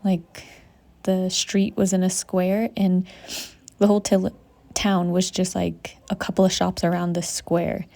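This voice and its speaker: A young woman vlogging outdoors on a mountain trip. She talks in a soft, reflective and emotional way, saying "like" constantly and sometimes dropping into a whisper. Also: on the low side, little pitch movement, measured pace, creaky. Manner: soft, emotional, heavy use of "like", drifting into whispers. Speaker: travel vlogger. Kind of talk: reflective casual vlog talk.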